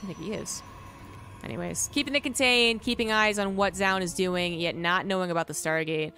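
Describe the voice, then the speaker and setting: A woman's voice: lowish voice, fairly quick, bright, forceful tone, clean tone. An American woman giving casual live game commentary as a caster, rambling and correcting herself as she goes. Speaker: esports caster. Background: music.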